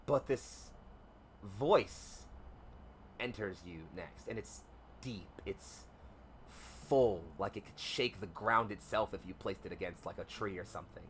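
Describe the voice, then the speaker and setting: A man's voice: on the low side, measured pace, fairly bright tone, a little hiss or hum. A man narrating as game master in a tabletop game, rambling with many fillers. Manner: rambling, filler-heavy description.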